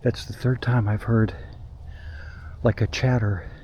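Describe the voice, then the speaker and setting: A man narrating his solo night walk outdoors through snowy woods as a paranormal investigator, jumpy and excitable, talking to himself. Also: medium pitch, a little hiss or hum. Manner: excitable and jumpy, talks to himself, quick nervous laughs. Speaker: paranormal investigator, channel host.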